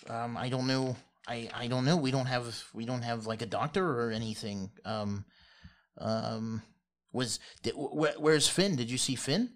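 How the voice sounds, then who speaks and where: A sweet, frumpy old village woman in a tabletop game, as a man puts her on. She stammers and quavers in a high, flustered voice. She repeats herself in panic. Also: normal speed, lightly acted.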